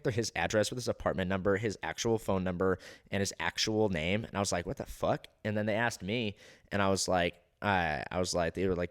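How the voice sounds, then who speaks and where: A comedian guest on a podcast, telling a wild road story in casual chat and acting out the quotes. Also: male voice, low voice. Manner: rapid, animated retelling with acted-out quotes.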